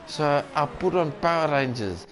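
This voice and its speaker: A man's voice: fairly high pitch, lively intonation, moderate pace, a bit bright, rough recording. A man, chatting and joking as a casual race commentator. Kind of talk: casual live sim-racing commentary.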